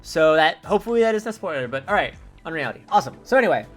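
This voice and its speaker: Chatty young male streamer, lively pitch. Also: very fast, faint music behind. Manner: rambling and chatty, many fillers and giggles. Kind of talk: casual let's-play commentary.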